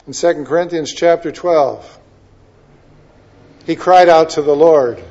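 Male pastor, high voice, conversational expressive sermon, dull lo-fi recording. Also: a little slow. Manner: conversational, expressive preaching with wide swings in loudness.

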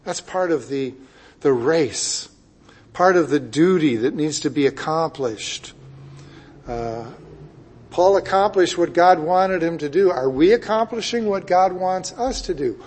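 A man preaching a sermon, reading scripture and explaining it with emphatic swings between loud declarations and hushed asides. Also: fairly high pitch, animated, a little slow, husky.

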